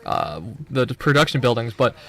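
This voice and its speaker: A man's voice: mid-range voice, sing-song, moderate pace, gravelly, a bit bright. A young man giving loose, profane, rambling commentary over his own gameplay footage, full of joking asides.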